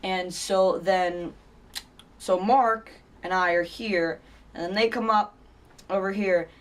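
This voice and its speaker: A man's voice: high voice, steady tone, slow, far from the mic. A teenage boy vlogger telling a story in a rambling way, with many fillers and restarts. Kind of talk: casual storytelling vlog.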